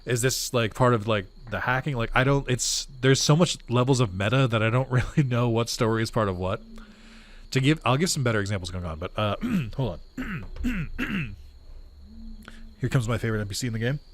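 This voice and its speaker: A man's voice: mid-range voice, animated, normal speed. A man doing casual let's-play commentary for his gaming channel, rambling with lots of fillers and chuckles. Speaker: gaming YouTuber.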